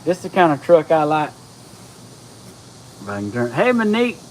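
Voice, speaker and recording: A man, chatting casually with viewers on a live stream, folksy and excitable. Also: a little high, a little slow, a little hiss or hum, low-quality recording. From Georgia, US. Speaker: livestream host.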